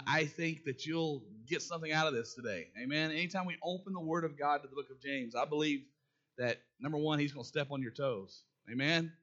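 A man preaches to his congregation, often pausing to ask them questions. His voice sits high and sounds bright and forceful. The recording is muffled and lo-fi. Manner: calls out to the congregation with call-and-response questions. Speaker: pastor. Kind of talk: sermon.

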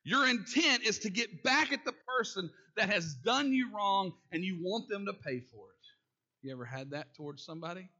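A pastor preaching in a high, bright voice. He keeps it folksy and conversational, throwing questions at the congregation and chuckling at his own asides. The sound is a bit dull and lo-fi. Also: animated, moderate pace. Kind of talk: sermon.

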